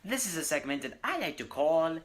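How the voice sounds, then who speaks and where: A teen doing a pompous fake-posh chap. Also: male voice, fairly high pitch, very animated, a little fast. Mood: mock-posh. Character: pompous male host in a put-on English accent.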